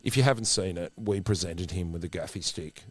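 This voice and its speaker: A middle-aged man hosting a podcast in casual chat. He tells lively anecdotes and acts out the voices of the people in them. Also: deep voice, a little fast, breathy edge, no echo. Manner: animated storyteller who acts out the voices of the people in his stories. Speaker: podcast host.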